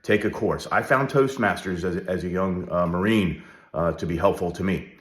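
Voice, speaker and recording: A man's voice: deep voice, normal speed. A middle-aged man speaking straight to the viewer as a leadership coach, direct and coaching, often checking in with "all right?". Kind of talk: direct-to-camera advice talk. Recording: roomy echo.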